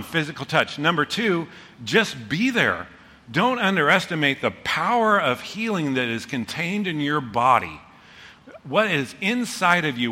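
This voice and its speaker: A man preaching a sermon as a pastor, animated and excitable, rushing ahead in bursts and then reining himself in. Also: fairly high pitch, in a large hall.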